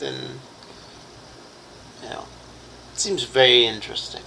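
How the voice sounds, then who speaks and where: A slow-talking man runs a tabletop horror game, his voice gravelly and mid-pitched. He stops often to search for words and fills the gaps with ums and uhs. A faint hiss sits behind him. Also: animated, a bit bright, low-quality recording. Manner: halting, searching for words with many fillers. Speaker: game master.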